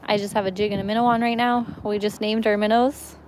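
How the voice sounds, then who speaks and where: A woman's voice: medium pitch, flat delivery, quick pace, a little hiss or hum, poor audio. A young woman live-streaming as she fishes from a lakeshore, chatting and giggling as she talks to viewers. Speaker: fishing livestreamer. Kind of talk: casual live-stream chat. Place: outdoors on a lakeshore.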